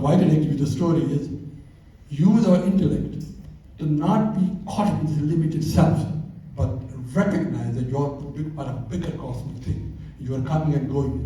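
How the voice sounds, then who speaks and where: Older male speaker, mellow, unhurried storyteller; distant mic in a very roomy hall. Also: fairly high pitch. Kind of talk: talk to a live audience. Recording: very echoey hall, voice from far off.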